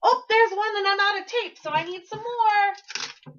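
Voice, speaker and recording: A woman's voice: very high voice, measured pace, fairly bright tone. A woman teacher giving an early-grade classroom lesson in an encouraging, sing-song way, talking to young children, in a classroom on a dull lo-fi recording.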